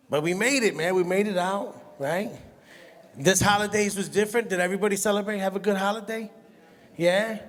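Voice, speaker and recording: A man, doing an animated, self-mocking stand-up comedy set and laughing at his own jokes. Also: high-pitched. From Brooklyn, New York. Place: large hall on stage. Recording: echoey hall sound.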